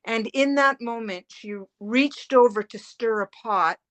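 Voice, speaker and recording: Earnest, bright-voiced caregiver woman. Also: fairly high pitch, a little slow. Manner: earnest, animated retelling with fillers. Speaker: family caregiver, guest. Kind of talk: emotional personal storytelling.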